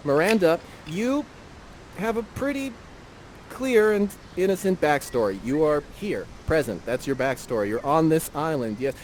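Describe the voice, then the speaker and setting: A man's voice: fairly high pitch, a little hiss or hum. A man acting as a playful, theatrical director, guiding audience members through an improvised scene. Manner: animated, playful and theatrical, with quick asides. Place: virtual reality theater show.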